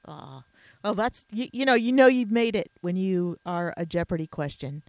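A woman's voice: medium pitch, normal speed, no room sound. A woman hosting a podcast interview, chatty and casual, with many fillers and restarts. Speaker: podcast host.

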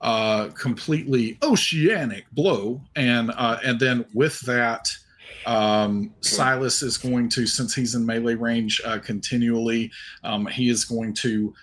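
A man's voice: medium pitch, slow pace, fairly bright tone. A man playing a tabletop game who describes his character's actions hesitantly, with many ums and uhs. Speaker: player.

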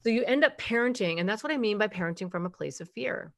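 A woman's voice: medium pitch, animated, quick pace, vocal fry. Emphatic woman explaining parenting. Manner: emphatic, acts out quoted voices, asks rhetorical questions. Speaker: parenting expert guest. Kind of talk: conversational podcast explanation.

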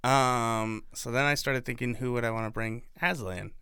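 A man's voice: mid-range voice, moderate pace, smooth, dry recording, studio quality. A young adult man co-hosting a podcast, joking around in casual book chat and poking fun at himself. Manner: jokey, animated, self-deprecating. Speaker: podcast co-host.

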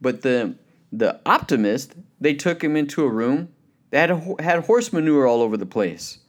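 A man's voice: a little high, normal speed. A man giving a motivational Christian talk, earnest and conversational, with many "you know" fillers and anecdotes. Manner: tells anecdotes with lively acted quotes. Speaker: speaker.

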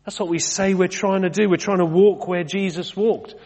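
A man's voice: high-pitched, steady tone, normal speed, darkish tone. A middle-aged British man, a vicar preaching a sermon in a chatty, conversational way, throwing in rhetorical questions and wry asides about himself. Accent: British English. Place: church. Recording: long church reverb.

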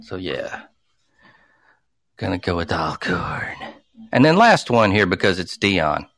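Dude on a sports podcast, cussing and ranting, fired up. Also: male voice, low-pitched, sing-song, takes it slowly, creaky, fairly bright tone, no room sound. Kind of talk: casual sports chat.

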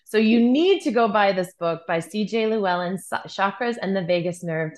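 A woman hosting a podcast, her voice sitting a little low. She gushes with bubbly, effusive praise as she leads the interview. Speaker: podcast host.

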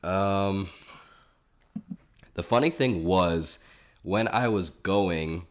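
A man with a very low voice talks through a film in casual podcast chat. He is analytical and steers the conversation, weighing each point before moving on. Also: drawn-out words. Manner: analytical, leading the discussion.

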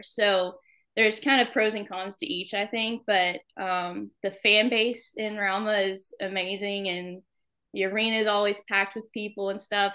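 A young Southern-accented woman from Alabama, a hockey wife, chats casually as a podcast guest in an interview, laughing often. Her voice is medium in pitch with a sharp tone.

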